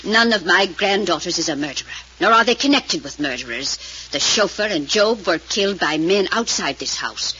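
A woman's voice: fairly low pitch, animated, moderate pace, bright, forceful tone, husky, muffled recording, full character voice. A woman playing a proud, stern old grandmother who dismissively shuts down any argument, in 1940s radio acting style.

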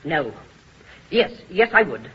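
An actress playing an uneasy, obedient nurse who answers reluctantly, in 1940s radio acting. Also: female voice, deep voice, very animated, slow, noisy background, full character voice. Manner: nervous and reluctant. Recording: muffled old radio broadcast.

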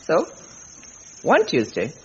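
A man narrating a story in a calm, sincere, deadpan way. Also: fairly high pitch, slow. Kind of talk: deadpan parody nature narration. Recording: lo-fi recording with noise.

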